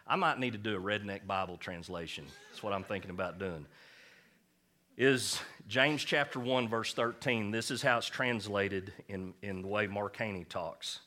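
A man's voice: fairly low pitch, sharp tone. A man preaching a sermon as pastor, emphatic and folksy, mixing jokes with insistent points.

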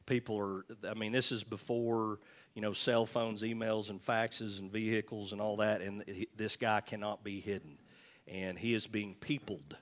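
Low-voiced man preaching a folksy sermon. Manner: folksy, joking, reads scripture aloud. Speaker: pastor.

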